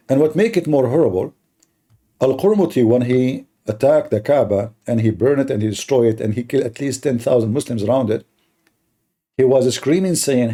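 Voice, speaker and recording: A man hosting a heated live-stream debate, mocking and combative, speaking as a with halting restarts. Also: medium pitch, mellow. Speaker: livestream debate host.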